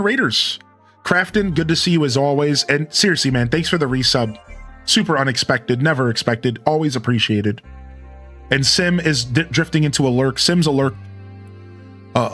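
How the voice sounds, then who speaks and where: A man's voice: mid-range voice, fairly bright tone. A man in his thirties rambling casually with his live-stream viewers, chuckling and thanking them by name. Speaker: game streamer.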